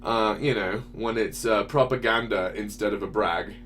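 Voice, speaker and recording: A man's voice: fairly low pitch, steady tone, normal speed, a bit bright. A man hosting a casual talk show, ranting with swearing and rhetorical questions. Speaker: podcast host. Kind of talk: casual political chat.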